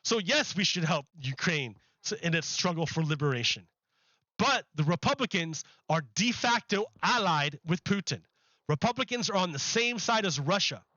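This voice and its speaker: A man's voice: sits high, lively intonation, moderate pace, sharp tone, dry recording, lo-fi sound. A man giving rambling live-streamed political commentary, often repeating his words and mocking the other side in put-on quotes.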